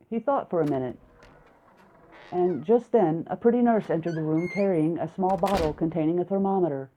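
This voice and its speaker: Low-voiced woman narrating a story. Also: normal speed. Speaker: audiobook narrator. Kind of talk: audiobook narration of a first-person male narrator. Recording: narrow, phone-like lo-fi sound.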